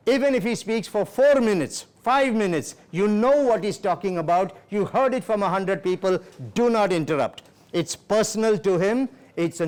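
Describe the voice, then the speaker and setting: A man's voice: high-pitched, darkish tone. A man leading a sales workshop as trainer, giving firm instructions, repeating key phrases and acting out sample dialogue with a client. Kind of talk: workshop lecture.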